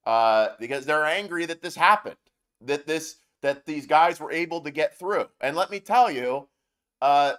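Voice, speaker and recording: A man with a notably high-pitched voice hosts a political commentary show. He rants heatedly, with sarcasm and mocking asides. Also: a bit bright.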